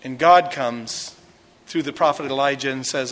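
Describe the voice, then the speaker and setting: A man's voice: mid-range voice, moderate pace, a bit bright, long reverb tail. A male pastor preaching a sermon, retelling a story dramatically with acted quotes.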